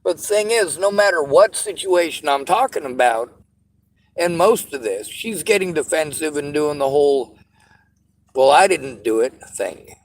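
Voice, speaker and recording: A man's voice: a little high, animated, normal speed, low-quality recording. Man ranting in frustration. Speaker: vlogger. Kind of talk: venting commentary.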